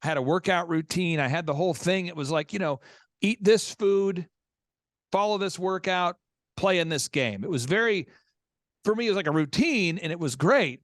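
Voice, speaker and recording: A male podcast host tells stories with high energy and voices both sides of each conversation. His voice sits high and swoops widely. The studio recording is close and dry. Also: lively intonation, brisk, a bit bright, no echo. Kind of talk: animated storytelling.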